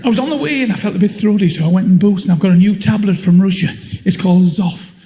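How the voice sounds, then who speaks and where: An older man performing a blunt, swearing stand-up comedy routine with deadpan punchlines. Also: sits high, quick pace, slight background noise. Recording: live show in a long-reverb hall.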